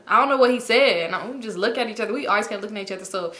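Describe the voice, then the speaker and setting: A woman's voice: mid-range voice, very fast, roomy sound. A woman vlogger telling a storytime in casual, slangy talk with lots of laughing. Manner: animated, slangy, laughs often.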